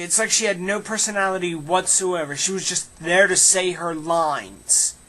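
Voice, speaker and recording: A casual film review delivered in a medium-pitched voice with a bright, sharp edge. The speaker is opinionated and animated, tossing in mocking asides.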